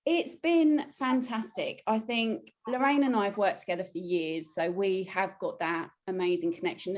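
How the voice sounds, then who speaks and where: Woman, middle pitch, chatty guest who acts out her own quotes. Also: darkish tone. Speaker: newly trained children's relaxation coach. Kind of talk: casual interview chat.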